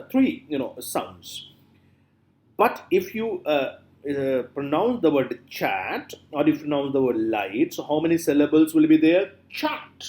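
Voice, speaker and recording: A middle-aged man giving a classroom lecture, often stopping to say example words slowly and filling pauses with "uh". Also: a little high, sing-song, darkish tone. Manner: repeats example words slowly, many fillers. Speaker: literature lecturer. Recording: echoey room.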